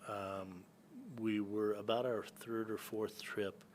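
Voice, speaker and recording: A Northern California man, an entrepreneur and hunting guide appearing as a podcast guest, tells rambling stories full of fillers and restarts. His voice is fairly low and flat, he takes his time, and there's slight background noise.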